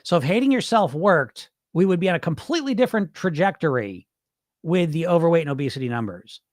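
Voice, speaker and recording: A man's voice: a little high, very animated, fast talker, no echo, clean studio sound. A man coaching on weight loss in a livestream, answering chat in a blunt, profane, fired-up way.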